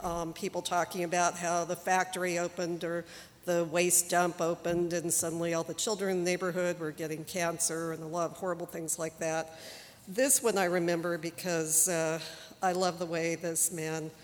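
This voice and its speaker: A woman introducing archive recordings in a relaxed, informal presentation. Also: lowish voice, normal speed. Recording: long hall reverb.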